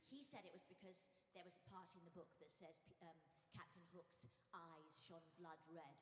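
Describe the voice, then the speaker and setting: An older woman giving an anecdotal tribute speech at a memorial service, telling stories in a lively way and acting out moments. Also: on the low side, normal speed, slight background noise. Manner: animated storyteller who acts out moments. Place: large church. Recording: echoey church hall with faint music.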